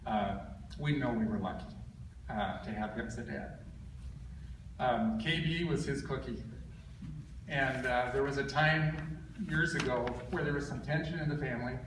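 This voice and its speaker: Halting son's eulogy in an echoey hall. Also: male voice, medium pitch. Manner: halting, with frequent filler pauses and gentle humor. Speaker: son giving a eulogy. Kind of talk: funeral eulogy. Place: funeral service hall. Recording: echoey hall from far off, background hiss.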